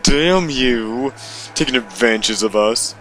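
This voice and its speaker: A man's voice: medium pitch, slow pace, natural voice. A man voicing a bitter, cornered husband who seethes in clipped bursts, in a visual novel reading. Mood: seething. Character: angry middle-aged husband, bitter and cornered.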